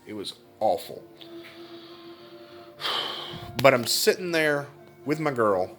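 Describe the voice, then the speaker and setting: A man's voice: medium pitch, expressive, slow pace, fairly bright tone, soft background music. A young man telling a personal story in a blunt vlog style, swearing a lot and getting emotional as he retells it. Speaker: vlogger.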